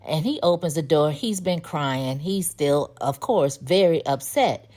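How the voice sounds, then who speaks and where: A woman with a notably low voice walks through a TV episode in a relaxed, conversational recap. She tells the story in a chatty way and drops in sassy little asides as she goes. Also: unhurried. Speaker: TV show recap reviewer. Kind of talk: casual spoken episode recap.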